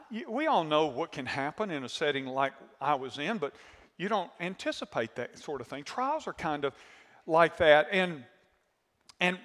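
Pastor, male, bright forceful voice, animated storyteller asking the room questions. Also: a little high, big-room sound. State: voice worn from screaming. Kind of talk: sermon with storytelling.

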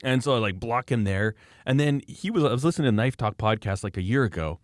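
A man from Canada, a knife maker on a casual podcast, ranting in a mocking, animated way about online critics. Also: mid-range voice, fast talker, dry recording, studio quality.

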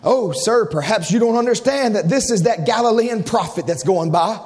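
A man preaching who voices a gentle, kind-hearted woman, heard on an archive sermon recording. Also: high-pitched, animated, normal speed, faint music behind.

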